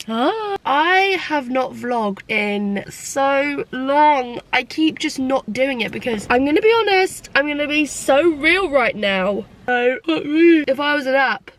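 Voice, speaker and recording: A woman's voice: high voice, expressive, takes it slowly, slight background noise. A young British woman from England rambling candidly to camera in a confessional vlog, swearing freely and filling her talk with likes and ums, tearful at times. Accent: British English. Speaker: vlogger.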